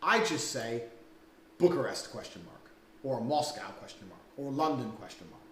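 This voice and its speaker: A man's voice: mid-range voice, expressive, normal speed, roomy sound, recorded from a distance, a little hiss or hum. A man giving a blunt, profane lecture for a dating course, talking crudely and emphatically.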